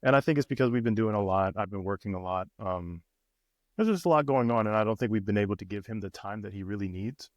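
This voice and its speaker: A man's voice: on the low side, quick pace, dry recording, clean studio sound. A man in his thirties, a personal coach and podcast co-host, telling a family story in casual chat with many restarts. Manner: storytelling, many restarts, acts out quoted voices.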